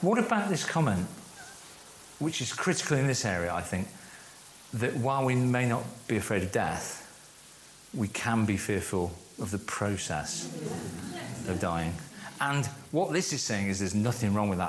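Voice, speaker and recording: A man leading a church course, giving a teaching talk to a group and slowing down to stress key phrases. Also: on the low side, animated. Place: room with a live audience. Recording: echoey room.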